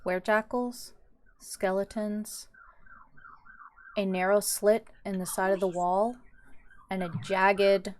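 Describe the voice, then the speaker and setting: A woman narrating as game master of a tabletop game, describing scenes in a measured way. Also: medium pitch, little pitch movement.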